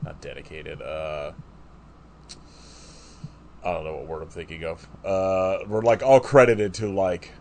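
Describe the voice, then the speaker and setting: A man with a very low, deep voice talks through a film in loose, casual podcast chat. He rambles, with "like" every few words, and keeps restarting his sentences. A faint hiss sits under the recording. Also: steady tone, a little slow, pauses often. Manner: rambling, full of "like" fillers and restarts. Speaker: podcast co-host. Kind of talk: casual chat reviewing a movie.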